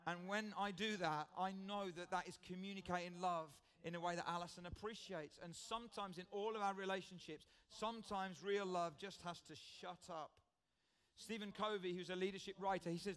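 High-voiced British male preacher. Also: normal speed, fairly bright tone, smooth. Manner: earnest, conversational, repeats key phrases. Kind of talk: sermon. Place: church.

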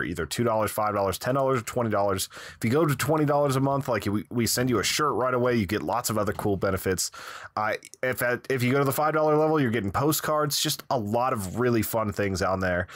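A man's voice: medium pitch, fairly bright tone, no echo. A man hosting a podcast, easygoing in casual chat and plugging the show, laughing often. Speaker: podcast host.

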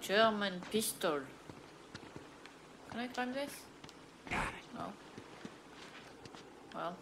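A woman streamer narrating a game she plays for the first time, fretting out loud and cursing at it. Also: medium pitch, drawn-out words, gravelly, heavy background noise. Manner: swears often and frets loudly at the game. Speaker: gaming streamer. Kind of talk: blind let's play commentary. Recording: loud game music behind voice.

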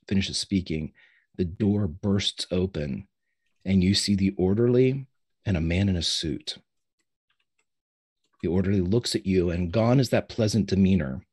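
Deep husky game master. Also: male voice, darkish tone. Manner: slows down for dramatic reveals. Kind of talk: narrating a tabletop role-playing game.

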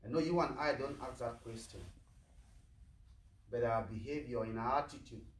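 Earnest priest preaching in an echoey chapel. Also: male voice, medium pitch, normal speed. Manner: plain, earnest, asks the flock questions. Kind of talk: sermon. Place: chapel of a medical center. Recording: echoey chapel, mic far off.

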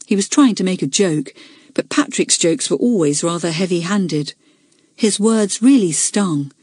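A woman narrating a children's school story, measured and clear in delivery. Her voice is soft and breathy, recorded close and dry with no room sound. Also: on the low side, animated, no echo. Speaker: audiobook narrator. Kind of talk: scripted audiobook narration.

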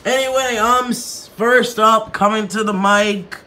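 A man's voice: high voice, fairly even intonation, a little slow, hardly any pauses, bright, forceful tone. A man announcing fighters at a comedic press conference, hyping the crowd. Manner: hype announcer, breaks up scuffles.

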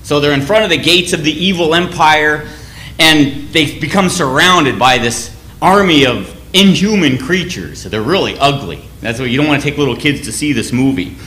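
A man's voice: a little high, animated, moderate pace, pushed and bright, reverberant. A man giving a sermon in a conversational, anecdotal way, often restarting his phrases. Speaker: church speaker.

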